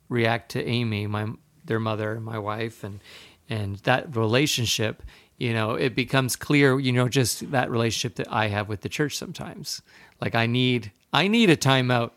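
A man in his thirties tells a long personal story in casual podcast talk. He rambles and pokes fun at himself, with lots of fillers and restarts. His voice sits at an ordinary middle pitch and is recorded close and dry. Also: gravelly, fairly bright tone, dry recording. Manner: rambling, self-deprecating, many fillers and restarts. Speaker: podcast guest.

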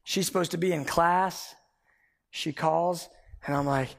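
A man preaching a sermon, emphatic and animated as he tells a personal story. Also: a little high, unhurried, vocal fry. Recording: long hall reverb.

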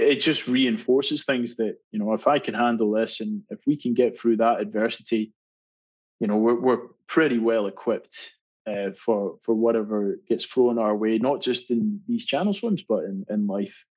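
A man's voice: fairly low pitch, measured pace, breathy edge. A man from Scotland, a marathon swimmer, telling stories as a podcast guest, with frequent laughs and restarts. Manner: animated storyteller, laughs often, many restarts. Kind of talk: casual storytelling interview. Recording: dull lo-fi sound.

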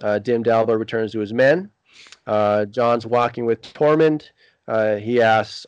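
A man's voice: on the low side, steady tone, a little slow, clear, resonant tone, no room sound. Male co-host, plain filler-heavy recap, muffled and dry sound. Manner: plain reading with frequent "uh" fillers. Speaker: podcast co-host. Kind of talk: recapping a TV episode.

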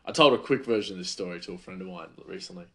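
A man's voice: deep voice, racing, a bit bright. A man hosting a podcast, telling stories in a chatty, rambling way full of fillers. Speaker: podcast host. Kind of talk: casual storytelling.

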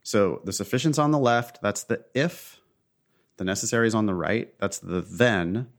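A man's voice: lowish voice, normal speed. A man co-hosting a casual tutoring chat, explaining logic terms emphatically and bluntly, checking in with his listener. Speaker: co-host tutor.

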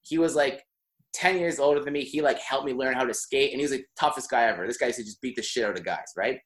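A man's voice: medium pitch, fast talker, fairly bright tone. A young man telling a long anecdote in casual podcast chat, full of "like" and laughing through it. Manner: rambling, heavy on "like", laughs mid-story.

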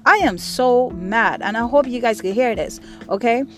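A woman's voice: fairly high pitch, moderate pace, a bit bright, faint music behind. A middle-aged woman from the Caribbean hosting a show and delivering an angry, profane monologue that pounds her points through repetition. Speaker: podcast host. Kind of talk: impassioned monologue.

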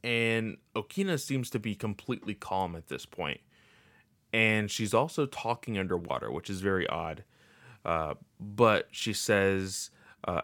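A man's voice: low voice, moderate pace, a bit bright, dry recording. A man casually recapping a game's story in a rambling way, with lots of filler words. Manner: rambling, filler-heavy with many uh and like.

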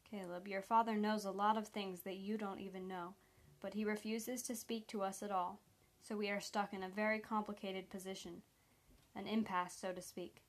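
A woman reading the lines of a calm, gentle male federal agent who speaks persuasively. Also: medium pitch, moderate pace, close to an everyday voice.

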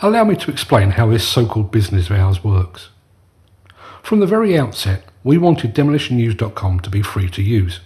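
A man's voice: lowish voice, very animated, a little fast, darkish tone. A middle-aged man hosting his own podcast, delivering a scripted monologue in an angry, emphatic way. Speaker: podcast host.

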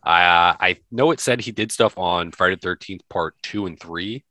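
A man's voice: deep voice, moderate pace, pushed and bright, dry recording. A man co-hosting a podcast, chatting casually and rambling through lists with lots of fillers. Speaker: podcast co-host. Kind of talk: casual chat.

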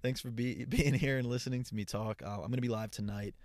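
Casting: young male solo podcaster, gravelly and low, dry close sound, loose rambling delivery. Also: steady tone, quick pace, darkish tone, dry recording. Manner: rambling, stream of consciousness. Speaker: podcast host. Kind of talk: casual solo podcast monologue. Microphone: portable travel mic.

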